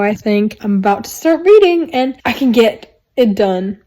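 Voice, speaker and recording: A woman's voice: on the high side, animated, a little slow, hardly any pauses, mellow, poor audio. Chatty young woman book vlogger. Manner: chatty, rambling, lots of "like". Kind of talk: casual reading vlog chat. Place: in her car.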